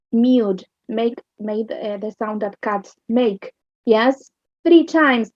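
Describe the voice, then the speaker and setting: Slow, high-voiced teacher with Argentine accent. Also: female voice, dry recording. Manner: explains slowly, checks understanding with "yes?". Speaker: English literature teacher. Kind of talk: recorded online lesson. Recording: dull lo-fi sound.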